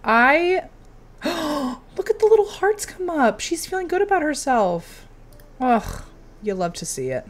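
A young woman talks through a video game, cheering her character on and often getting excited. Her voice sits fairly high and moves around a lot in pitch. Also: a little slow. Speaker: game streamer. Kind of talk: casual gameplay commentary.

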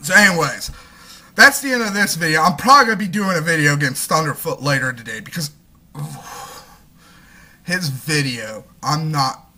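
A young man ranting angrily into his camera, swearing constantly and talking fast, with a husky voice. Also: on the high side, lively intonation, pushed and bright. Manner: heavy swearing, fast angry talk. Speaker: vlogger. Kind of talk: angry rant.

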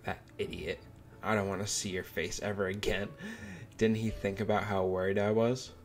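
A man's voice: fairly low pitch, little pitch movement, moderate pace, soft background music, close to an everyday voice. A man reading aloud the lines of a stern, worried teenage boy from a manga, in nearly his own voice. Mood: scolding. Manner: read aloud from a manga, barely acted.

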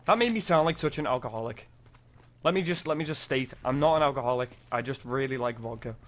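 A young man, giving excitable, sweary gameplay commentary, yelping when startled. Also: mid-range voice, fast talker. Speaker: gaming video creator.

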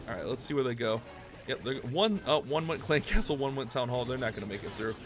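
A man giving rambling, self-mocking commentary on his own gameplay for a video, with excited outbursts. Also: medium pitch, a little fast, faint music behind. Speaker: gaming YouTuber.

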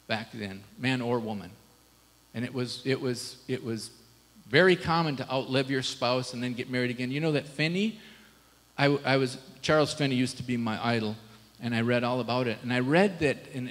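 A man's voice: mid-range voice, a bit bright, in a large hall, poor audio. A male pastor preaching a sermon in a casual, conversational way, often asking the congregation rhetorical questions. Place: church sanctuary.

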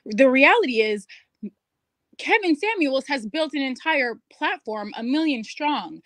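High-voiced woman arguing her case. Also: lively intonation, measured pace, fairly bright tone, dry recording. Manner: cites studies, argues point by point. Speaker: commentator in a played clip. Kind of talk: argumentative commentary.

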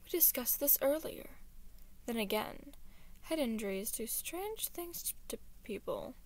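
A woman's voice: a little high, animated, measured pace. A woman reading a fan story aloud and voicing a sneering, lying male villain who speaks in mock sympathy. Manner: mocking, sneering.

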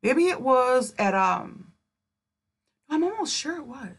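A woman's voice: sits high, big pitch swings, takes it slowly, slightly rough. A woman giving sarcastic, incredulous reaction commentary on a video.

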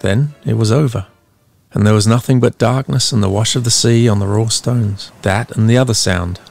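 Gravelly low-voiced male storyteller. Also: darkish tone, faint music behind. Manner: measured, dramatic storytelling. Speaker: audiobook narrator. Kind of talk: dramatic story reading.

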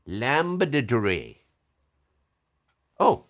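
Speaking at a medium pitch with big swings, he goes very slowly in a fairly bright tone. The man is a voice actor doing a laid-back livestream Q&A by video call, laughing often, reading fan comments and answering questions playfully.

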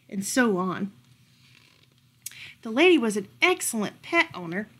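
A woman librarian reading a picture book aloud as a bedtime story, gentle and expressive. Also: a little high, normal speed. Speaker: children's librarian.

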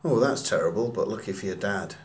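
A man's voice: lowish voice, expressive, pitched below the performer's own voice, natural voice. A man reading lines as a young island father. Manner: read out quickly and plainly from a script.

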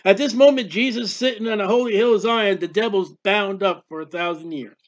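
A man's voice: high voice, brisk, dull audio. A man preaching a Bible teaching with fervent delivery, firing off rhetorical questions and declaiming scripture. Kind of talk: sermon-style Bible teaching.

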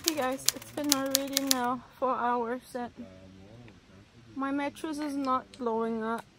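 A woman's voice: sits high, fairly even intonation, a little slow, loud music behind the voice. A woman vlogging to camera from inside a tent in a forest, talking dramatically with lots of exclamations. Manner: exclaiming, dramatic, keeps saying oh my gosh. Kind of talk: casual vlog to camera.

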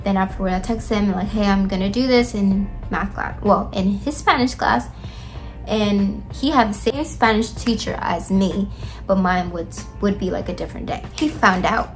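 A woman's voice: medium pitch, normal speed, soft background music. A young woman telling a rambling, chatty story about her school days while doing her makeup, full of fillers, recorded close on a phone indoors. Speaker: vlogger.

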